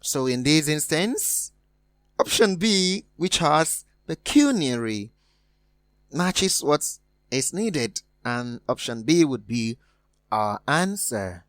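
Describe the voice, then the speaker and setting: Slow, deliberate woman teaching exam pronunciation. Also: low voice, very animated, no room sound. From West Africa. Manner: slow, deliberate, spells out words and repeats them. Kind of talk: exam-prep lesson.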